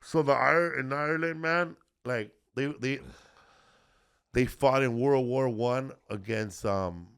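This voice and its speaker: A man hosting a casual history podcast, talking at an ordinary middle pitch. He rambles through the story, full of ums, restarts and swearing, in loose comedic chat. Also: slow, gravelly, a bit bright, smooth. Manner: rambling, profane, many fillers and restarts. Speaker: podcast host.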